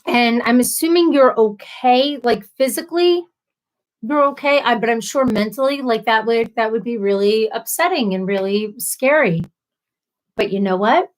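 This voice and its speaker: A woman's voice: on the high side, normal speed. A woman hosting a casual live stream, reading viewer comments aloud and answering them with sympathy and playful asides. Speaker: livestream host.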